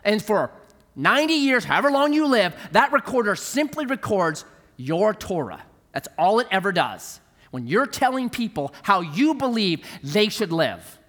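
Speaking as pastor at a normal speed, a middle-aged man with a voice that sits high tells animated stories in his sermon. He performs the quoted voices himself, and the large hall lends a long reverb.

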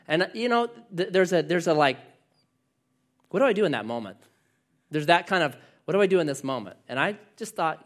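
A man preaching a sermon, telling a story with quoted dialogue in an earnest manner. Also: on the high side. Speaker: pastor.

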